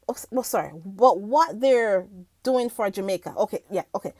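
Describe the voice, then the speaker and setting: A woman's voice: medium pitch, lively intonation, moderate pace, darkish tone, no room sound. A woman vlogger reading news aloud in casual commentary, talking to her viewers, laughing often and stumbling over words. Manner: chatty, addresses viewers as guys.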